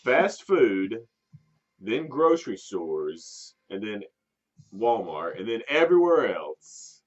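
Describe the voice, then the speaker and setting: A man's voice: fairly low pitch, sing-song, slow pace. A man casually telling a story to a friend, laughing often and restarting his sentences. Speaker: podcast co-host telling a story. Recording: dull lo-fi sound.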